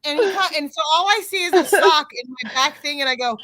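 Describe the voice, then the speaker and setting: A woman's voice: high-pitched, lively intonation, brisk, pushed and bright, no echo, poor audio. A woman hosting her channel in casual chat, rambling and restarting her sentences as she tells a story. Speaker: channel host.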